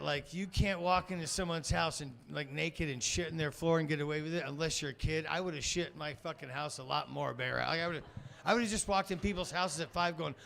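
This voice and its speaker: A man on a comedy club stage rambles through a crude story, cursing freely and cracking himself up. His voice sits a bit high for a man and carries a gravelly, fry-laden edge. He sounds like a newer comic working a handheld mic. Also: fairly bright tone. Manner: rambling, profane, laughs at own jokes. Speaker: amateur stand-up comic. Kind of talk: stand-up storytelling.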